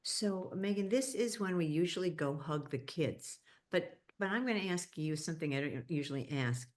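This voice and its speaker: A woman hosting a parenting talk on a video call, reading out questions from viewers and agreeing softly while the guest speaks. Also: fairly low pitch, lively intonation, moderate pace. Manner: attentive, gives soft backchannel affirmations. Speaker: host. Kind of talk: interview moderation on video call.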